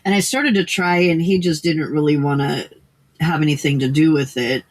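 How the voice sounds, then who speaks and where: A woman's voice: low voice, moderate pace. An older woman hosting a casual late-night crafting livestream, rambling with many fillers and restarts.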